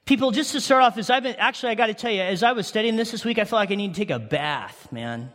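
A man preaching a sermon, animated, with rhetorical questions, sudden shouts and hushed asides. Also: sits high, fast. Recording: long hall reverb.

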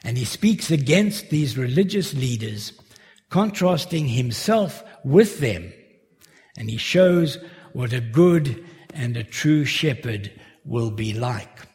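A man preaching a sermon, slowly and carefully working through a Bible passage verse by verse. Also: medium pitch, darkish tone. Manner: slow, measured expository preaching. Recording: long hall reverb.

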